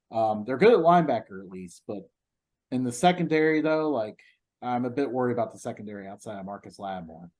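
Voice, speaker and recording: A young man co-hosting a sports talk show with a middle-pitched, everyday voice. He talks things through carefully, hedging often and pausing on ums as he weighs each point. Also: darkish tone, poor audio. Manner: thoughtful, hedging, many ums. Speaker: sports podcast co-host.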